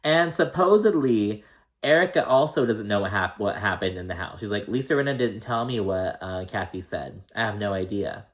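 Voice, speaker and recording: A man with a fairly low voice talks through a reality show recap in a loose, casual way. He swears freely and gives blunt opinions. He keeps slipping into exaggerated voices to act out what the cast members said. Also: normal speed. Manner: profane, opinionated, mimics quotes in exaggerated voices. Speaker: recap host.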